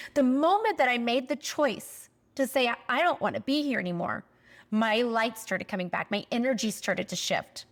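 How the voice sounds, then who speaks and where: Her voice a little high and her pace moderate, a forties-aged woman vlogs candidly about spiritual matters. She's passionate and plain-spoken, swearing casually, and sometimes her emotion brings her near tears.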